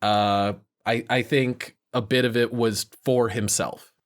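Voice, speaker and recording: A man's voice: medium pitch, fairly even intonation, slow pace. A man co-hosting a podcast in casual chat, thoughtful and hedging as he works through his points. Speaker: podcast co-host.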